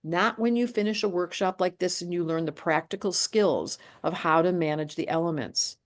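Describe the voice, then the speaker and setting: A woman in her late sixties, talking in a casual chat as an astrologer, animated and emphatic, often breaking off and restarting her sentences. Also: lowish voice, normal speed. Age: 60s.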